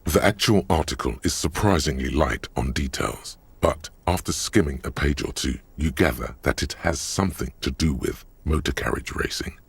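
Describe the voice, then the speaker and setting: An actor voicing a wry male game narrator, telling the story in the second person with a measured, sardonic delivery. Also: very deep voice, gravelly, breathy edge, exaggerated voice. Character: deep-voiced male narrator, dry and wry. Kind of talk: scripted voiced narration.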